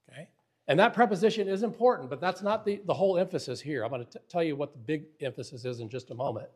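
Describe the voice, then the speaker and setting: A man's voice: on the high side, a little mellow. A man teaching a Bible study lesson, emphatic and stressing words by repeating them, often restarting his phrases.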